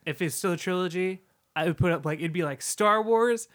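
A young man with a fairly high voice talks on a casual podcast. He rambles through many fillers and gets emotional as he talks. He sounds like a podcast co-host. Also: brisk, a bit bright. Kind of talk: casual chat.

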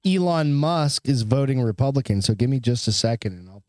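A man's voice: mid-range voice, expressive, brisk, a little mellow, no room sound, clean studio sound. A man co-hosting a casual podcast over drinks, swearing freely and reading news aloud in a sarcastic tone. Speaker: podcast co-host. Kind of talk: casual bar-style podcast chat.

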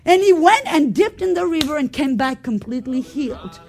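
A woman preaching a sermon, telling the story by acting out the characters' voices and moving from quiet asides to loud exclamations. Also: high-pitched, lively intonation, normal speed.

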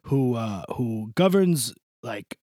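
A man's voice: medium pitch, animated, takes it slowly, dark tone, no echo, studio quality. A man playing a foul-mouthed, boastful Santa Claus who rambles and laughs, his voice swooping up and down in a creepy way. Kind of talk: improvised comedy podcast bit.

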